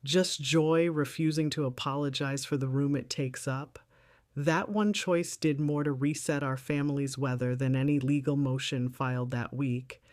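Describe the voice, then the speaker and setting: A woman's voice: extremely low pitch, steady tone, normal speed, darkish tone, dry recording, clean studio sound. A middle-aged woman narrating her own story in the first person with a composed, wry, reflective delivery.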